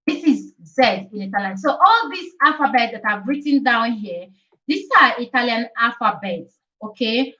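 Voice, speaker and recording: A woman's voice: on the high side, lively intonation, normal speed, bright, forceful tone. A woman teaching the alphabet in a casual live stream, chatty and repetitive, often checking in with "okay?". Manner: chatty, repeats letters, asks "okay?" often. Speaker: Italian teacher. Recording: distant dull live-stream audio.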